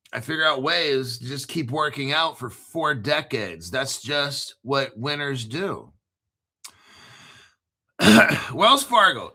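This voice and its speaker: A man's voice: a little high, pushed and bright. A man in his fifties hosting a crypto video, ranting casually in a blunt, profane, combative way and repeating himself for emphasis.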